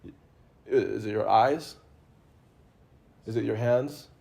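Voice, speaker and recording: A man's voice: fairly low pitch, takes it slowly, creaky, dark tone. A man giving an informal spiritual talk to an audience, conversational and playful, often laughing and repeating himself. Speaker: religious teacher.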